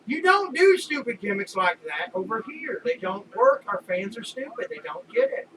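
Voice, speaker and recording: A high-pitched man with a New York accent chats about wrestling on a podcast. He tells his stories loud and animated and swears freely. He sits well away from the mic, with clear background noise in the recording. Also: moderate pace, far from the mic. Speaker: podcast co-host. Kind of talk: casual chat watching wrestling.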